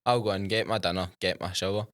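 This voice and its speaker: Laid-back Scottish young man, low voice. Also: steady tone, a bit bright, no room sound, studio quality. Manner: chatty storyteller, quick laughs, slangy. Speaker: guest, chip shop worker and TikTok creator. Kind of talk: casual podcast chat.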